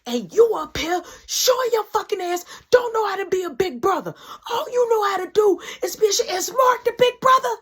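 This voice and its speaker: A woman voicing a furious mother who yells and curses threats at her kids. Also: a little high, expressive, normal speed, voice pushed up. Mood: furious yelling. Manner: yelling, cursing threats.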